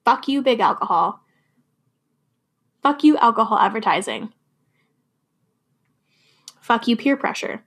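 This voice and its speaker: A woman's voice: fairly high pitch, expressive, a little slow, long pauses, a bit bright. A woman hosting a personal talk about quitting alcohol, speaking emphatically and repeating firm affirmations. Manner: emphatic, repetitive affirmations, swears freely. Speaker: podcast host. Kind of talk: personal sobriety talk with spoken-word poem.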